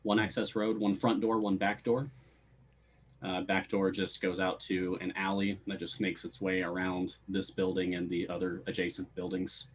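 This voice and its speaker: A man with a lowish voice narrates a tabletop game as its game master. He is relaxed and drops in frequent hesitations. A faint bed of noise sits behind him. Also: normal speed.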